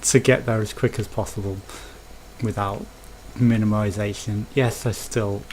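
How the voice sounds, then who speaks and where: Here a Birmingham-accented man hosts a let's play, giving casual, chatty gameplay commentary that wanders as he thinks out loud. He speaks at a measured pace in a fairly low, darkish voice with a steady tone. The recording is poor quality and carries slight hiss or hum.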